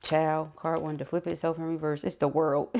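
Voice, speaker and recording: A woman reads tarot in a low, gravelly voice with lots of vocal fry. She talks fast and eagerly, sometimes tripping over herself and laughing it off. The feel is casual and chatty. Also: level tone, noisy background. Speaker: tarot reader.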